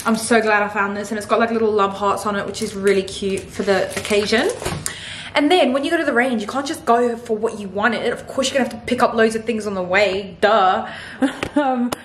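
A woman's voice: mid-range voice, fairly quick, background noise. A young woman, talking casually to camera in a rambling, chatty vlog. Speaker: vlogger.

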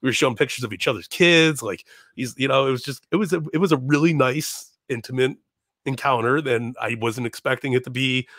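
A man in his thirties from Chicago, a podcast guest telling a story in a casual, animated way, laughing and putting on voices. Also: medium pitch, fairly quick, no echo, clean studio sound.

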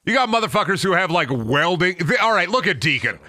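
A man's voice: high-pitched, sing-song, brisk, sharp tone, no echo, clean studio sound. A young man casually commentating his video game stream, swearing and riffing mockingly on what he sees.

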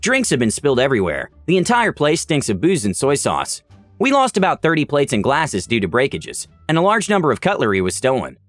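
A man reading online stories aloud as narrator, with a wry, deadpan delivery. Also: mid-range voice, fairly quick, no room sound, faint music behind.

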